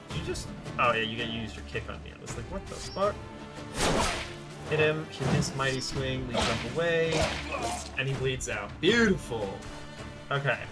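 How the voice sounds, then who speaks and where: A man streaming a game, chatting casually and rambling to his viewers as he plays. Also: mid-range voice. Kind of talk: casual gameplay commentary.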